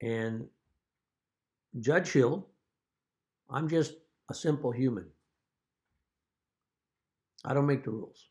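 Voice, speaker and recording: A man with an ordinary middle-pitched voice talks straight to the camera as a father addressing his children. He is earnest and deliberate, pointed in his accusations, and at times he falls into a dry joke-telling aside. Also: dark tone. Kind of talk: direct-to-camera video message.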